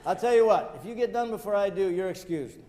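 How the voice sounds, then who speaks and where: A man's voice: high-pitched, quick pace, in a large hall, background noise. A man giving a motivational lecture, telling personal stories with joking asides and talking straight to his audience. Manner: joking asides, chuckles at own jokes; addresses audience directly, emphatic. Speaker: guest speaker.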